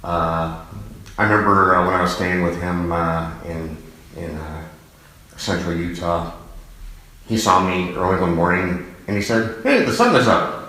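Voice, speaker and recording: A middle-aged man fondly remembering his late father, halting, with many fillers and restarts. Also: sits low, fairly even intonation, sharp tone. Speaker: son giving a eulogy. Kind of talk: personal reminiscence. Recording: very echoey hall.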